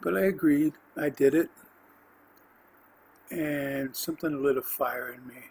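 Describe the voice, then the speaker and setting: A man hosting a podcast, telling his personal faith testimony in an earnest, rambling way, with restarts and the odd throat clearing. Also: fairly high pitch, a little slow, darkish tone, low-quality recording. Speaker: podcast host.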